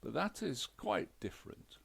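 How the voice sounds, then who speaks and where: A man voicing a deadpan, precise male detective with wry phrasing. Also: a little high, a little slow, gravelly, husky, pitched above the performer's own voice, heavily acted. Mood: dry.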